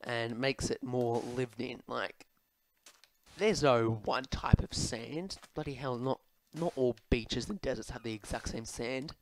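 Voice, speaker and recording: Rambling young man, smooth voice. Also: medium pitch, a little slow, low-quality recording. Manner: rambling, self-mocking, frequent ums and restarts. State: sore throat. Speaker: gaming video host. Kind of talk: casual commentary while playing.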